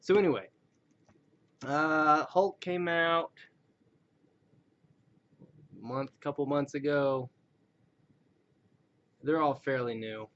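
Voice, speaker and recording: On a dull lo-fi webcam recording, a man reviews toys from his action figure collection, rambling casually, poking fun at himself, and dropping into joke voices. His voice is on the high side and a bit bright.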